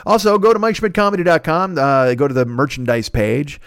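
A man's voice: a little high, steady tone, a little fast, clean tone, no room sound. Male podcast host doing his own plugs, casual and swearing, dry close mic. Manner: loose, profane, rambling with self-corrections. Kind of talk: casual plugs and sponsor reads.

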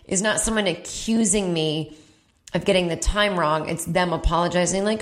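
A woman's voice: lowish voice, moderate pace. A woman hosting a comedy podcast, telling a rambling story in a chatty, profane, self-mocking way and acting out the people she quotes. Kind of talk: casual storytelling monologue. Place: at home.

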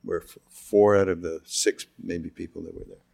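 An older man from Canada with a deep, low voice tells stories in a relaxed conversation. He acts out the quotes in his anecdotes and often breaks into laughter. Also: moderate pace, gravelly. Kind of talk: casual storytelling conversation.

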